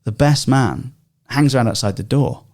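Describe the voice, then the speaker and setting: A man in a Bible study podcast chat, explaining at length with animated energy and many ums and restarts. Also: medium pitch, moderate pace. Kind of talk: casual discussion podcast.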